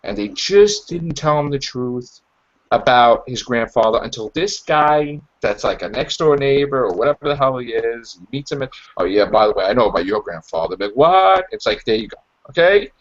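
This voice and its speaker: A man hosting a podcast in casual chat, rambling and acting out characters' lines in animated voices. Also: medium pitch, brisk. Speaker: podcast host. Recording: dull lo-fi podcast audio.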